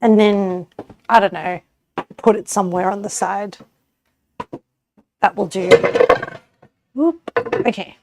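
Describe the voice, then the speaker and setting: A woman's voice: medium pitch, slow, creaky, pauses often, very noisy. An Australian woman streamer chatting casually with her viewers while cooking, giggly and rambling, often correcting herself.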